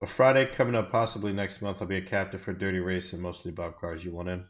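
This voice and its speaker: A low, steady-toned man talks quickly while live-streaming racing time trials from home. As he drives he rambles, swears often and chats back to his viewers.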